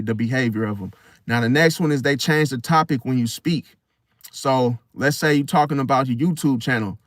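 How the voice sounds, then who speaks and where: A man with a somewhat high voice talks straight to his viewers in an emphatic, casual monologue. He keeps circling back to the same phrases and checking in with "See?" The sound is dry and close, with no room around it. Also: a bit bright, no echo. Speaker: astrology channel host.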